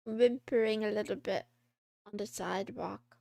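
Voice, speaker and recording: A woman's voice: mid-range voice, fairly even intonation, moderate pace, gravelly, a little mellow, no echo. A woman streamer chatting casually while she draws a comic, rambling, giggling and joking with herself.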